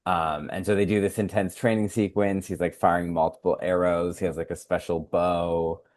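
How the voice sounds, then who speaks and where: A man's voice: sits low, level tone, moderate pace, a little mellow, no echo. A man co-hosting a podcast, recapping a film in casual chat with lots of fillers and acted-out quotes. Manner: rambling recap with many fillers. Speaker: podcast co-host.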